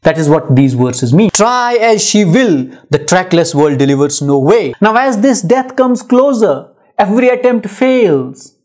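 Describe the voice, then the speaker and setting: A man lectures on a poem, pressing each point by repeating phrases and firing rhetorical questions. His voice sits a little higher than most men's. He explains the lines in a plain classroom manner. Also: expressive, normal speed, darkish tone. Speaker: literature lecturer. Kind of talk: poetry lecture mixing English and Hindi.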